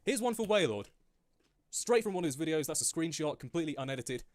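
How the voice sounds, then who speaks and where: A man's voice: fairly high pitch, sing-song, fast, dry recording. A man ranting in a profane, scornful way about another creator. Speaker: video creator. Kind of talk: clip from a video rant.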